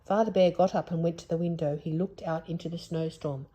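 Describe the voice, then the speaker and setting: A woman reading a children's story aloud in a gentle storyteller's voice. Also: fairly low pitch, fairly even intonation, fairly quick. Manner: gentle, hushed at tense moments.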